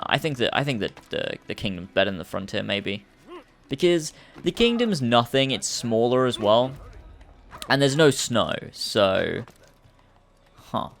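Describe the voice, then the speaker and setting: A man's voice: mid-range voice, creaky, fairly bright tone. A young man hosting a let's play, rambling through casual gameplay commentary and swearing often.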